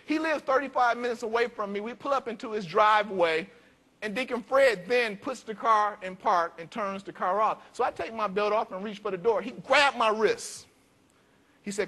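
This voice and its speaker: A male pastor from Detroit preaching a storytelling sermon, emphatic, with big swings in pitch and loudness. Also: expressive, moderate pace. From Detroit, United States.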